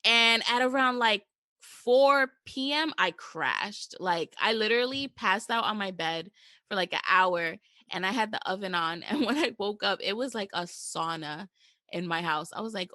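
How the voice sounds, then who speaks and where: A woman's voice: medium pitch, moderate pace, bright, forceful tone, no echo. A young woman from New hosting a podcast, chatting casually and informally. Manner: chatty, informal, says "girl" and "y'all". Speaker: podcast host.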